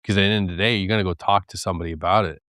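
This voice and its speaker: A man's voice: deep voice, steady tone, very fast, sharp tone, no room sound, clean studio sound. A man in casual podcast conversation, telling stories earnestly and candidly. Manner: earnest, candid storytelling with acted quotes and laughs.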